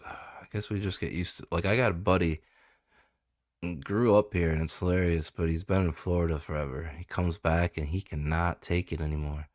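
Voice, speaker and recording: A man's voice: low voice, steady tone, moderate pace, no room sound, clean studio sound. A young man chatting casually on a stream, laid-back and swearing freely.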